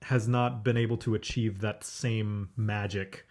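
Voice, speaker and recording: Co-hosting a podcast, a man with a lowish, darkish, steady voice talks at a measured pace about a movie he just watched. His casual review is loose and opinionated, stuffed with "like" and "um."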